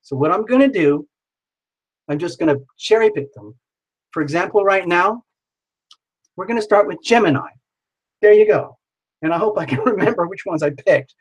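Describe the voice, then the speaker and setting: Animated and breathy at the edges, a high-voiced man hosts a live tarot session at a moderate pace, pausing often. He jokes around playfully with sing-song asides, captured on a low-quality recording.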